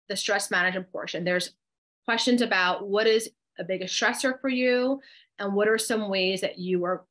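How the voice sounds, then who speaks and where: A woman's voice: medium pitch, fairly bright tone. A middle-aged woman with a New Jersey accent leads a live online workshop over a video call. She speaks in an encouraging way, reacts to chat comments and talks listeners through breathing exercises one step at a time. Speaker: co-host and coach.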